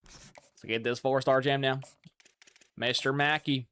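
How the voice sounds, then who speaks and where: A man's voice: mid-range voice, steady tone, unhurried, fairly bright tone, clear, resonant tone, no echo. Profane, chatty male gaming streamer. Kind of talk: casual gameplay commentary.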